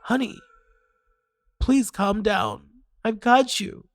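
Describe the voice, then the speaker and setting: A man voicing a worried, tearful mother who softly comforts her son in a horror story reading. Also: very high voice, expressive, unhurried, no room sound, clean studio sound, pitched above the performer's own voice, exaggerated voice. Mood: tearful relief. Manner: soft, hushed and soothing.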